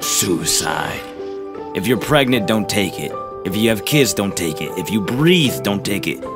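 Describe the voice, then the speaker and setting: A man doing a deadpan fake-ad spokesman. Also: lowish voice, unhurried, over music. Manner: deadpan, repetitive warnings. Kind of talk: comedy sketch parody ad.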